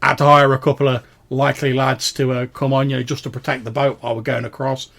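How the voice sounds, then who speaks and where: A weathered old ferryman with a pipe, as a man puts him on, his voice pitched higher and louder than the narrator's own. He speaks with a gravelly, husky edge. He talks in a halting, folksy way, stumbling over his words and trailing off. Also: flat delivery. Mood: wistful, folksy. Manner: halting, folksy, with stammers and fillers.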